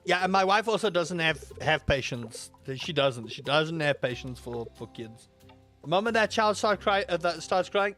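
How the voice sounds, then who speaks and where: Man, high voice, theatrical outbursts, casual gaming chat. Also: normal speed, soft background music. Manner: animated storyteller, exaggerated outbursts, rambling asides. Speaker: gaming YouTuber. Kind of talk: casual chat while playing a game.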